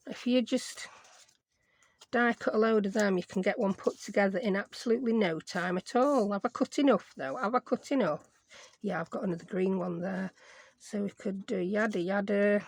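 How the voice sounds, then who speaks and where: A woman's voice: medium pitch, normal speed, creaky, slightly rough. A woman chatting casually and rambling as she thinks aloud through a craft project. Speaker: craft vlogger. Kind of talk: casual chat while crafting.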